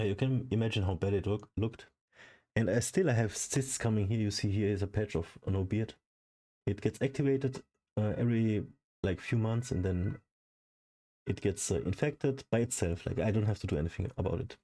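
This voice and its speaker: A man's voice: fairly low pitch, dark tone. A man vlogging in a casual, frustrated rant full of swearing. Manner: frustrated, profane ranting. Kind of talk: casual ranting vlog.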